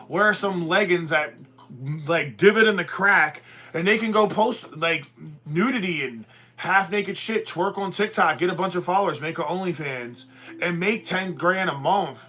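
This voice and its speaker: A man's voice: high voice, bright, forceful tone. A man hosting a live stream, ranting bluntly and profanely in a rambling, casual way.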